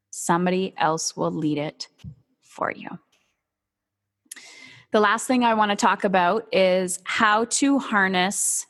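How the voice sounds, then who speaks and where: A woman giving an energetic, emphatic motivational talk, candid and casual, with the odd swear word. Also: mid-range voice, in a large hall. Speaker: motivational speaker.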